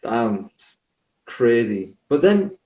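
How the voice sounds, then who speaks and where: A man's voice: mid-range voice, big pitch swings, slow pace, echoey room, muffled recording. A man in his twenties with a northeast English accent, chatting easily as a guest on a live video call interview. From northeast England. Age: 20s. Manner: easygoing and chatty, with light laughs. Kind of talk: casual interview chat.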